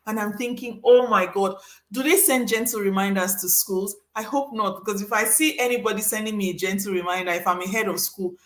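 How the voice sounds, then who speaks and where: Animated bright-voiced woman from Nigeria. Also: mid-range voice, roomy sound. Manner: animated, exclamatory storytelling with laughs. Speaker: host. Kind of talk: casual chat.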